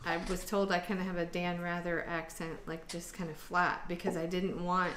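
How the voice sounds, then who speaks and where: A woman's voice: lowish voice, level tone, moderate pace, a bit bright, reverberant, a little hiss or hum. A woman from Michigan hosting a casual chat over a video call, rambling with many fillers. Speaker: host.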